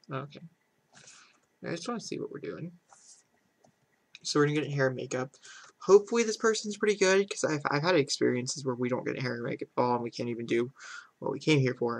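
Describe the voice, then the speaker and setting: A chatty man narrating a game playthrough with a gravelly edge of vocal fry. He talks casually and is full of fillers, swinging between excitement and exasperated grumbling. His voice sits at an ordinary middle pitch. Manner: heavy filler "like", "super duper". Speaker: gaming channel host. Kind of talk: casual let's-play commentary.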